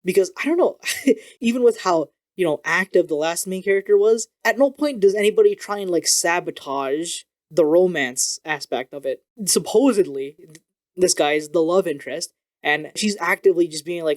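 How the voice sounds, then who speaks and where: Fast-talking, excitable young guy vlogging. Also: sits high. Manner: animated and excitable, swears casually. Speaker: video creator reviewing manga. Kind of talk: casual vlog review.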